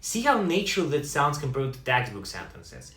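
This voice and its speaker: A man teaching language in a lively way, slowing down to pronounce example words. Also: mid-range voice, roomy sound. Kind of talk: online language lesson.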